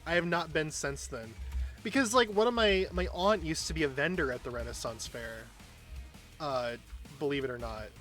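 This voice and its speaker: Streamer, male, slightly high voice, chatty and rambling, faint music bed. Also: moderate pace, fairly bright tone. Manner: chatty, rambling, self-deprecating. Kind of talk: casual chat while gaming.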